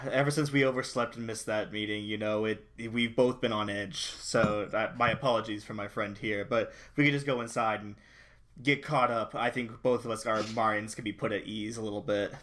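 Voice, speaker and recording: A man's voice: fairly low pitch, steady tone, normal speed, fairly bright tone. A man playing a tabletop game, talking in character in a casual, apologetic way with plenty of swearing. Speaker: player.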